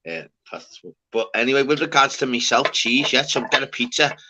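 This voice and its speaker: A man's voice: mid-range voice, expressive, a little fast, background noise. A man from the north of England in casual, sweary, rambling banter while hosting a livestream. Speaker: livestream host. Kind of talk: casual chat.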